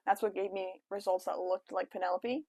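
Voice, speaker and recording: A woman's voice: medium pitch, fairly even intonation, brisk, a little mellow, husky, no room sound. Chatty young woman telling a story. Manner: chatty, lots of "like" and self-quoting asides. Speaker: vlogger. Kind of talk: casual storytime chat.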